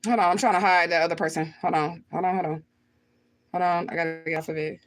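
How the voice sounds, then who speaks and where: Speaking fast in a fairly low voice with fairly even intonation, this woman, an adult with children, runs her own channel. She reads out viewer comments and fires back bluntly and profanely, repeating herself often during the livestream chat.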